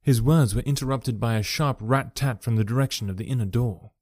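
A man narrating a classic detective story with steady storytelling. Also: mid-range voice, a little fast, few pauses, no room sound, studio quality. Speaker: audiobook narrator.

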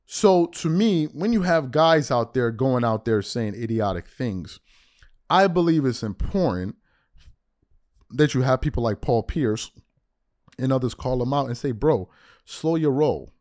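Blunt, lively sports commentator. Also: male voice, medium pitch, measured pace, no echo, studio quality. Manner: blunt, mocking, animated, teasing then insisting it's jokes. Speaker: sports commentary podcast host. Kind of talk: opinionated sports commentary monologue.

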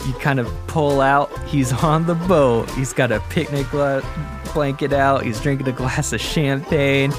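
A man's voice: unhurried, over music. A man improvising a comedic story, acting out characters with big jumps in his voice. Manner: animated, acts out characters with big pitch jumps.

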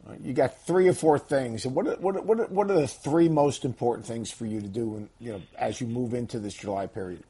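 A man hosts a sports radio interview with a somewhat husky voice. He asks his questions in a loose, conversational way, rambling a little before getting to the point. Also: mid-range voice, a little fast, few pauses, mellow.

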